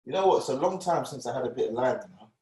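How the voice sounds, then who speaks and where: A man's voice: medium pitch, lively intonation, racing, warm tone. Joking man, roomy distant sound. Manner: joking, questioning, chatty. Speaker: celebrity guest cook. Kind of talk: casual banter while cooking. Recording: echoey room, distant mic.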